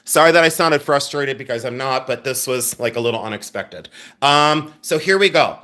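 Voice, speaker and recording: Bright chatty man hosting a live sale. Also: medium pitch, animated. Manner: chatty, reads viewer names and orders aloud, quick asides to helpers. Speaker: live-stream sale host. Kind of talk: live-stream selling chat.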